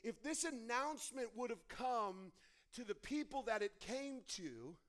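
A young man delivers a sermon in a fairly high voice. He talks in an animated storytelling way, often restarting his sentences. His energy rises and falls as he builds toward his point. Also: a little slow. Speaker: pastor.

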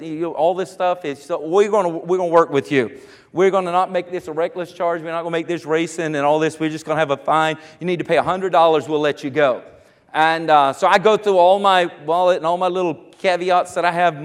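A man preaching, his voice pitched high for a man. He tells a story on himself with a grin in it and then drives it home with fervor. The sound carries the long reverb of a church sanctuary. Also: clean tone. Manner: storytelling, laughing at himself, building to fervent preaching. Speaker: pastor. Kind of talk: sermon with personal story.

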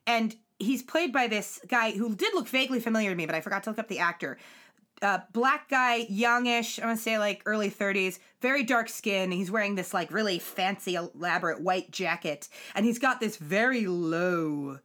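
A woman with a medium-pitched voice speaks at a moderate pace as a podcast co-host, casually recapping a show and animatedly acting out characters' lines in put-on voices.

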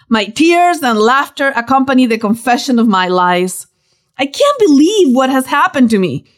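A woman narrates a personal story in a high voice that rises and falls a lot. She tells it with playful, lively emphasis, the way someone reads their own book aloud. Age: young adult.

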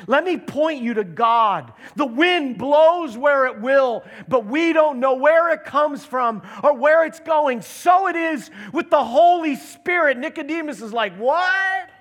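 A man preaching a sermon, animated, acting out the lines of Bible characters as he retells the story. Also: very high-pitched, a little slow, hardly any pauses. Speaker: pastor.

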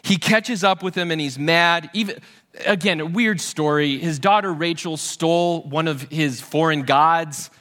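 A man preaching a sermon, retelling a Bible story with lively acted-out voices and frequent restarts. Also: a little high, a little slow. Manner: animated storytelling, acting out Bible characters' voices. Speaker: pastor.

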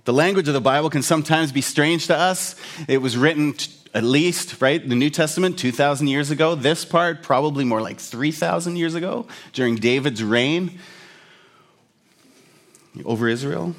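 A man's voice: a little high, moderate pace. A man preaching a sermon in a conversational, explanatory way with humorous asides. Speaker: pastor.

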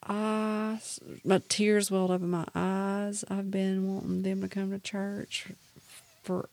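A woman's voice: medium pitch, level tone, unhurried, vocal fry, a little mellow, dry recording. A woman co-hosting a podcast in casual chat, talking in a heartfelt, rambling way with many restarts. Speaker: podcast co-host.

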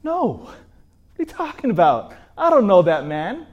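A man preaching, acting out an impulsive, boastful fisherman disciple who protests loudly. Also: sits high, wildly swooping pitch, measured pace, muffled recording, voice pushed up, exaggerated voice. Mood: denying.

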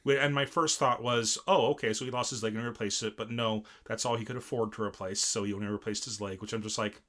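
This is a man with a bright, forceful voice in a relaxed chat, recapping a show he watched. He rambles and restarts, and he gets animated as he acts out bits of the plot. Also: lowish voice, fast. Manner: rambling, animated retelling with many fillers. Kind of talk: casual chat recapping an anime episode.

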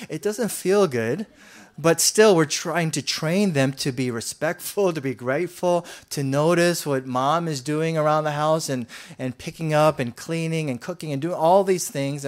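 Earnest preaching man, soft to loud. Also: on the high side. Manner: earnest preaching, swinging from loud scripture reading to soft near-whispers; repeats and restarts words often. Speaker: pastor. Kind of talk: sermon.

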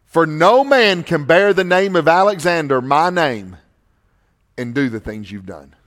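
A man's voice: expressive, a little slow, a bit bright. A preacher doing a stern ancient king. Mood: grave. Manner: commanding, booming then grave. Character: stern ancient male conqueror-king passing judgment.

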